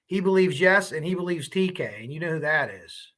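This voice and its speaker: Male livestream host, slightly high voice, bright and forceful, loose rambling chat. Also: lively intonation, fairly quick. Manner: rambling, chatty, reacts to comments as he goes. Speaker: true crime livestream host. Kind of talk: casual livestream chat reading viewer comments.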